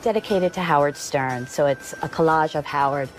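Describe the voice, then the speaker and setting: Soft-spoken female contestant. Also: low-pitched, normal speed, soft background music.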